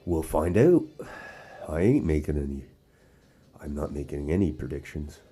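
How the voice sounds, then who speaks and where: A man's voice: a bass voice, expressive, normal speed, dark tone, breathy edge, soft background music. A man from Canada hosting casual political commentary, rambling with frequent restarts and asides. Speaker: host. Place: outdoors or casual setting in Sarnia.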